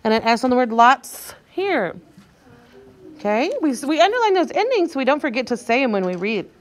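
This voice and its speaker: A woman teacher runs a guided reading lesson for young children, sounding out words slowly and encouraging her class. Her voice sits high, with big swings in pitch.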